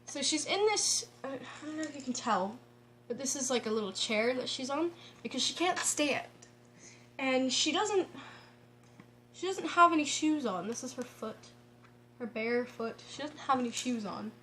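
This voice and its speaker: A woman vlogger telling a story in a casual, excitable way, laughing often and restarting her sentences. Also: sits high, moderate pace, a little hiss or hum.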